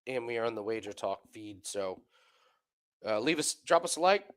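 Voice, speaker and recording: Excitable man co-hosting a live stream. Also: fairly low pitch, normal speed. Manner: laughs often, loose and excited. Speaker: co-host. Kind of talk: live sports betting chat. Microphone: video call.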